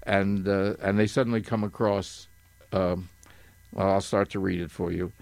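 An older man reading a passage from a book and chatting, halting and correcting himself, with frequent chuckles. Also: low voice, steady tone, gravelly, darkish tone, no echo. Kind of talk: reading aloud and casual chat.

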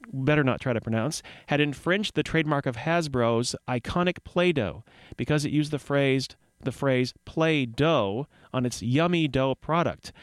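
Male radio host in a dry, close studio sound, mid-pitched, jokey and rambling on local news. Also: dry recording. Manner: wry, rambling asides and puns.

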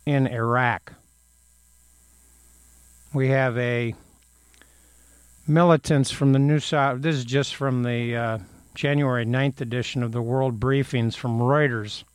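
A man giving casual spoken commentary on current events, halting often with fillers and restarts. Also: mid-range voice, smooth, no room sound. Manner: reads news items aloud.

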